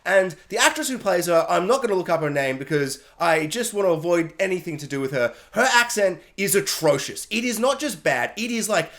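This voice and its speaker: A man giving a casual, animated film review, emphatic and exasperated. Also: high-pitched, fairly quick, few pauses.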